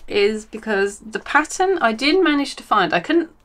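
A woman's voice: fairly high pitch, big pitch swings, moderate pace, a bit bright. A woman hosting a crafting podcast from home, chatting casually and rambling, with many ums and self-corrections. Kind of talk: casual chat.

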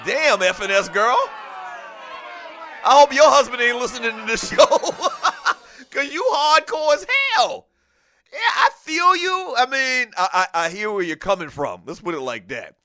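A man hosting a casual sports talk show, animated, often laughing and reading listener messages aloud. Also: very high-pitched, unhurried, dry recording.

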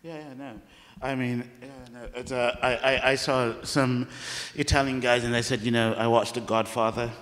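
A man with a bright, forceful voice puts questions to a guest on stage, haltingly, repeating words as he searches for them. His voice carries a long reverb from the public hall. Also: medium pitch, little pitch movement, slight background noise. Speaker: interviewer. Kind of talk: onstage conversation.

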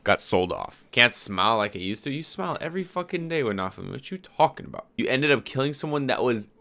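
A man's voice: medium pitch, expressive, fast talker, vocal fry, bright, forceful tone. A young man hosting an anime reaction, talking in slang, swearing and laughing at what he watches. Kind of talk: live reaction commentary.

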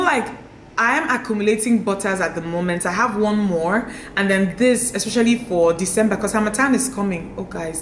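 A young Nigerian woman vlogger unboxes a haul at home, gushing to her viewers and calling them "guys" between exclamations. Her voice is medium in pitch, and the recording is reverberant with a noisy background.

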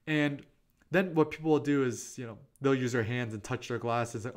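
A man presenting tips on street photography in a relaxed, chatty way. He talks quickly and tells his stories with plenty of "um" and "I'm like", at a middle pitch. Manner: chatty and quick, with many fillers and "I'm like" asides. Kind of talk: casual presentation with anecdotes.

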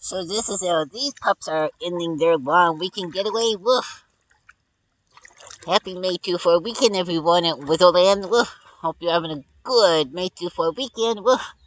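A man's voice: sits high, normal speed, few pauses, fairly bright tone, low-quality recording. A man filming a casual outdoor vlog from a kayak on a river on his phone, sprinkling his talk with playful barks. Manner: punctuates speech with playful "woof" barks. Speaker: vlogger. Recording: faint background noise outdoors.

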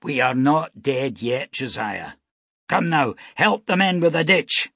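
A man's voice: mid-range voice, sing-song, measured pace, vocal fry, sharp tone, no room sound, clean studio sound, voice pushed up, exaggerated voice. A man reading aloud voices a stern, grim red-headed frontier parson who speaks firmly and preacherly. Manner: firm, preacherly admonishing.

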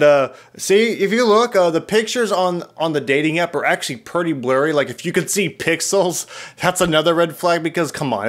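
A young man giving casual, mocking commentary on dating profiles, laughing often as he reads them out. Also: medium pitch. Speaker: YouTuber reviewing dating profiles.

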